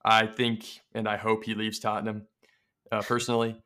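A man's voice: on the low side, completely flat delivery, normal speed, pushed and bright. A man co-hosting a sports podcast, speaking with enthusiasm and posing questions aloud in a casual way. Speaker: podcast co-host.

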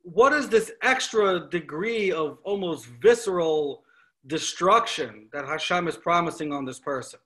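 A man giving a lecture on scripture, animated and telling stories, posing questions to his listeners. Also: on the high side, measured pace. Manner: animated storytelling with rhetorical questions. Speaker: Torah teacher.

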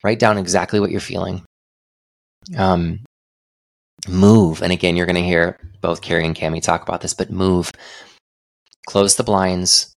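A man's voice: low-pitched, little pitch movement, normal speed, vocal fry, pauses often, no echo, studio quality. A young adult man hosting a solo podcast, talking in an earnest, reflective way with frequent restarts. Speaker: podcast host.

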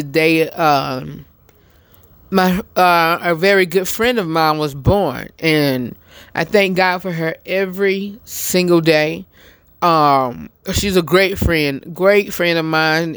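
Male talk host, unhurried, meandering live-stream chat with lots of fillers; smooth tone. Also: a little high, a bit bright, no room sound, studio quality. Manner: slow, rambling, many ums and restarts; eating while talking. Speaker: show host. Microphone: phone.

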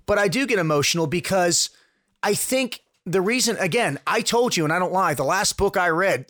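A podcast co-host talks in a halting, heartfelt manner, stopping and restarting and filling gaps with "you know". His voice sits a bit high and sounds dry and close to the mic. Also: animated, fairly bright tone, no room sound. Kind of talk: casual podcast interview.

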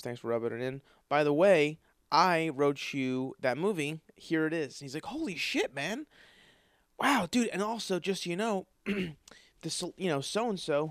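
A man's voice: a little high, no room sound, clean studio sound. A man hosting a podcast, telling rambling comedic stories with plenty of swearing and acted-out dialogue. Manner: profane, storytelling, acts out quoted voices. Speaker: podcast host. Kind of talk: casual comedic monologue.

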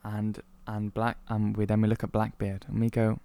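A man's voice: on the low side, completely flat delivery, normal speed, vocal fry, warm tone, dry recording. A young man from Cornwall, a podcast co-host, rambling through a made-up story with lots of ums. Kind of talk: casual chat, telling a made-up story.

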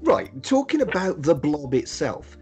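A man's voice: on the high side, big pitch swings, unhurried, a little mellow, soft background music. A man in casual podcast chat, rambling and crude with a self-deprecating streak. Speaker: podcast co-host.

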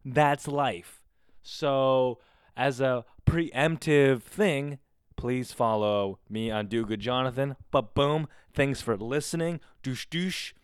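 Guy rambling on his solo podcast, smooth clear voice, dry close mic, swears a lot. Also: medium pitch, takes it slowly, no room sound. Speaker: podcast host. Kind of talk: casual solo podcast chat. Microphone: close studio mic on camera.

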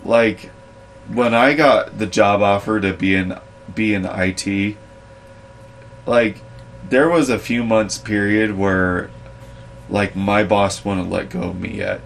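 A young adult man telling work stories in a casual chat, animated and laughing, acting out the voices of others. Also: lowish voice, takes it slowly, pauses often, a little hiss or hum. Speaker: podcast co-host, storyteller.

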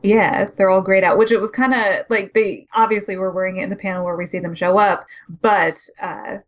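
A woman's voice: mid-range voice, fairly quick, muffled recording. A woman chatting casually about a comic, acting out the characters' lines as she retells it. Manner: animated, acts out characters' lines while retelling. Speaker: podcast co-host recapping comics. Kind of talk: casual chat.

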